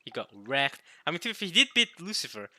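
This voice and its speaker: A man with a very bright, forward voice comments casually as he plays through a visual novel. He thinks aloud, often sounds puzzled, and keeps breaking off and restarting his sentences. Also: a little high, big pitch swings, fast talker, no room sound. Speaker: let's play host.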